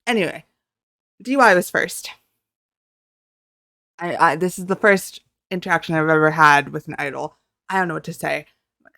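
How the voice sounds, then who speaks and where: A young woman vlogging from home, gushing in a flustered, excitable ramble with plenty of swearing. Her voice sits a little low for a woman, smooth and clear. The sound is close and dry. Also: normal speed, pauses often, no echo. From Canada. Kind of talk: casual reaction vlog storytelling.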